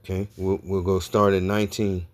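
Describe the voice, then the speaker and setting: Deep-voiced man preaching from scripture. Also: level tone, normal speed. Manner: reads scripture aloud, peppers talk with "all right?" and "okay?". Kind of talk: scripture teaching sermon.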